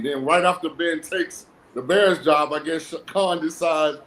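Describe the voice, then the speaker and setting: A man chats about football as a show guest, blunt and dryly sarcastic as he breaks down the latest coaching moves. His voice sits a little high for a man, with a faint hum of room noise behind him. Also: unhurried, hardly any pauses, a bit bright, rough recording. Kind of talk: casual sports talk. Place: lives in a cold-weather state.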